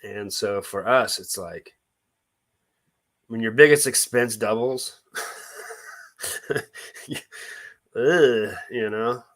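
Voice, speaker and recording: Casual male live-streamer, low voice, loose and rambling, thanks viewers as they join. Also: extremely slow, long pauses, fairly bright tone. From Missouri. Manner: rambling, restarts, greets viewers by name.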